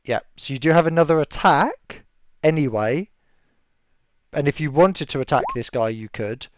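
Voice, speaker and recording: Chatty game master with smooth, dull-sounding audio. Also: male voice, normal speed, no echo. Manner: relaxed, chatty, laughs often, shouts enemy cries in high voices. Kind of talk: narrating a tabletop game. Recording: dull lo-fi stream audio, dry.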